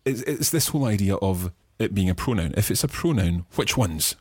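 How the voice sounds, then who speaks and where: A man co-hosting a language lesson podcast, explaining grammar slowly and spelling out words in a casual bilingual chat. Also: deep voice, lively intonation, a little mellow, husky, no room sound, studio quality.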